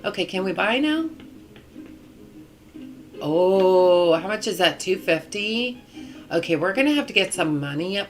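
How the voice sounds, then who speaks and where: A woman's voice: mid-range voice, very animated, a little slow, long pauses, a bit bright, slight background noise. A middle-aged woman chatting casually on a live game stream, rambling along with many ums and restarts.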